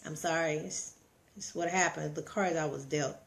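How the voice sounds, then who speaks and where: A woman's voice: low voice, steady tone, normal speed, gravelly. A middle-aged woman from Texas with a Texan accent, giving a motivational live-stream monologue in a preachy, repetitive way with many rhetorical questions. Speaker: vlogger.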